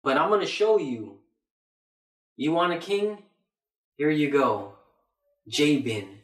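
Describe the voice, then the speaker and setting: A man voicing God as a stern, patient king who speaks calmly and solemnly, in a roomy echo. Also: a little high, slow pace.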